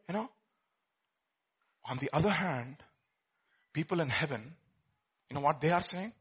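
Husky-voiced preacher swinging hushed to loud. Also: male voice, on the high side, lively intonation, normal speed, pauses often. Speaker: pastor. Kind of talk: sermon.

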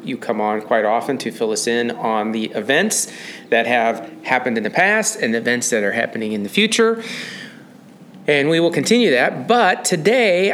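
A man's voice: mid-range voice, fairly bright tone, slight background noise. Easygoing male podcast host. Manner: chatty, easygoing, interrupts with quick questions. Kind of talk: casual interview chat. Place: tower room at a country club, indoors.

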